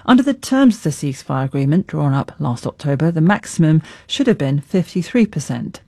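News anchor, scripted bulletin read, mellow tone, dry studio sound. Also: mid-range voice, big pitch swings, fairly quick, no echo. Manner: crisp, scripted delivery. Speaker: news presenter. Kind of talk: news presenting.

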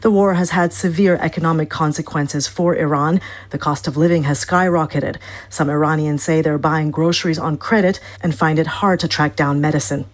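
A woman signs off a radio news report in a measured delivery. Her voice sits low. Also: fairly even intonation.

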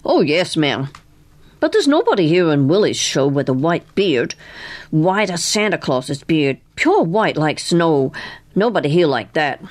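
A woman's voice: low-pitched, very animated, a little slow, full character voice. A woman reading a folksy toothless carnival mechanic. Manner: rough country grammar, plainspoken.

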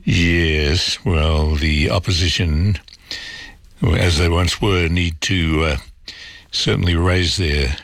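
Deep-voiced radio host. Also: male voice, steady tone, slow, a bit bright, dry recording, clean studio sound. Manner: reads texts aloud, then replies casually with fillers. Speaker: radio host reading listener messages. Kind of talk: talkback radio chat.

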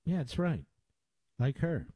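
A man's voice: on the high side, very animated, unhurried, dark tone, a little hiss or hum, low-quality recording. A male radio host delivering emphatic, indignant talk radio commentary with lots of repetition.

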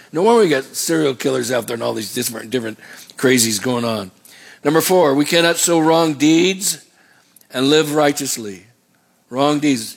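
A middle-aged man preaching a sermon, emphatic and rhythmic, asking the congregation to finish his lines. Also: mid-range voice. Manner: emphatic preaching, call-and-response questions. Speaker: pastor.

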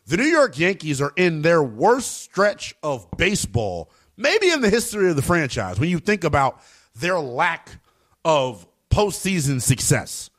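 Animated man giving sports commentary. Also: on the high side, unhurried. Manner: animated, emphatic, slangy.

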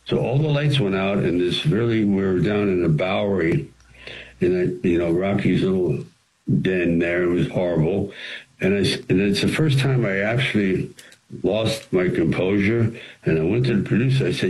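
A man's voice: sits low, normal speed, low-quality recording. An older man, an actor and writer, telling rambling anecdotes in an interview and acting out quotes along the way. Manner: rambling, animated storytelling with acted-out quotes.

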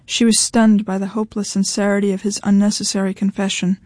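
A woman reading a novel aloud in measured storytelling narration. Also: medium pitch, little pitch movement, darkish tone, no echo. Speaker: audiobook narrator. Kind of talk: scripted narration.

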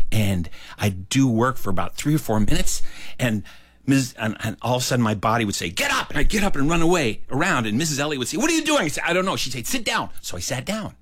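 A man telling a childhood story aloud, animated and acting out the characters' lines. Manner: animated, acts out characters with big pitch leaps. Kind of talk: told story performed for listeners.

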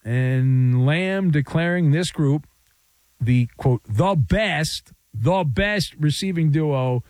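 Male sports talk host, sarcastic and playful, very lively pitch swings, dry close mic. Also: takes it slowly, dry recording. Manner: wisecracking, sarcastic, playful riffs.

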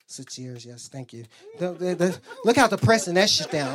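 A man's voice: fairly high pitch, big pitch swings, normal speed, a crowd in the background. Brash, profane stand-up comedian man. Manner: brash, profane storytelling with loud character bits. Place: comedy club stage.

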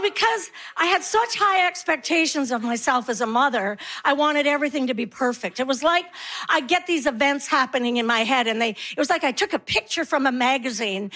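Middle-aged lady doing stand-up, high pitched, acts out everyone's voices as she goes. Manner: animated storytelling, acting out quoted voices. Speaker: stand-up comedian. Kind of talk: stand-up comedy routine.

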